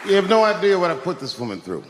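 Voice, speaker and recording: A man's voice: high-pitched, very animated, quick pace, crowd noise, background noise. Reflective man speaking in a reverberant hall. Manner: reflective, addressing his mother directly. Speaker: comedian. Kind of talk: heartfelt stage speech. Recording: live venue with long reverb.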